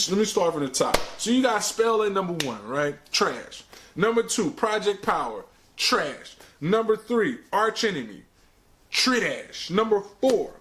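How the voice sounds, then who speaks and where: A man's voice: high-pitched, fairly bright tone. A man hosting his own show, ranting casually about bad movies in slangy, emphatic talk that repeats words for effect. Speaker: movie reviewer, show host.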